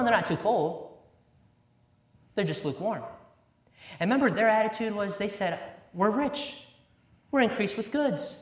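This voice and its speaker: A man preaching a sermon with emphasis, repeating key words and quoting scripture in old-fashioned wording. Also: high voice. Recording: roomy echo.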